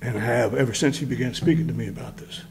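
A man's voice: mid-range voice, quick pace, background noise. A man with a Midwestern American accent preaching a sermon as pastor, emotional and rising to fervent emphasis.

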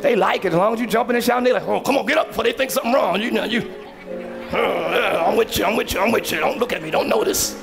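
A man preaching a sermon as pastor in a church, animated, with slangy asides and sudden shouted passages. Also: sits high, quick pace, creaky, over music. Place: church sanctuary.

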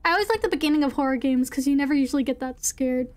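A woman's voice: high-pitched, animated, rapid-fire, darkish tone. A woman streamer chatting playfully with her viewers while playing a horror game. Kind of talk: casual gaming chat.

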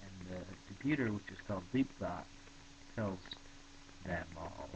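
A man's voice: deep voice, animated, normal speed. A man giving casual book commentary into his webcam, chatty and reading aloud from the novel. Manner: chatty, reads aloud and laughs at passages. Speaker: book vlogger. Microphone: built-in webcam mic. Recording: dull noisy webcam audio.

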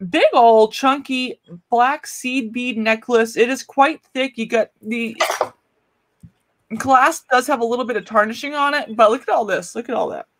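A woman's voice: fairly high pitch, normal speed. Chatty woman hosting a jewelry sale. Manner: chatty, laughs often, greets viewers by name. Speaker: live jewelry auction host. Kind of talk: casual live-stream selling chat.

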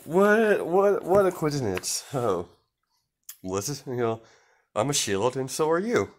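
A man's voice: mid-range voice, big pitch swings, a little slow, a little hiss or hum, pitched above the performer's own voice. A man voicing a weak but proud female vampire princess who speaks haughtily and cackles. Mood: amused.

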